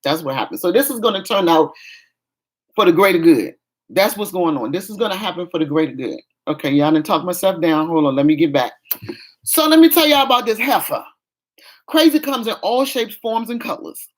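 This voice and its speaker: A woman's voice: fairly low pitch, lively intonation, brisk. A middle-aged woman, venting frankly in a casual vlog chat. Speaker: vlogger.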